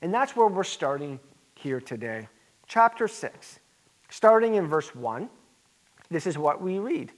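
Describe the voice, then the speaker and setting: Man, pastor, sermon, high-pitched, emphatic, conversational asides. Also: sing-song, unhurried, pauses often.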